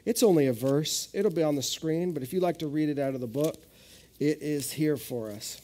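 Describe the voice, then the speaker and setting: Guy pastor preaching live at church, kinda high voice, jumps up loud and high telling stories. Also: normal speed. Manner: animated storytelling with sudden rises in pitch. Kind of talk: sermon. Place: church hall, live service.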